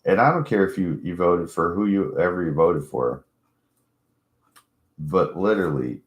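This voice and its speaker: Casting: very low-voiced man, casual profane ranter, mocks others in retold quotes. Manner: profane, mocking, rambling storytelling. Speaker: channel host. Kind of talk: casual rant to camera.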